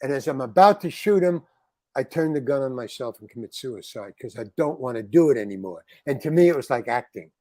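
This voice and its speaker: A man, a guest actor, telling a long anecdote in a casual interview, animated and saying "man" often. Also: medium pitch, a little fast, no room sound. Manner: animated anecdote teller, peppers talk with "man".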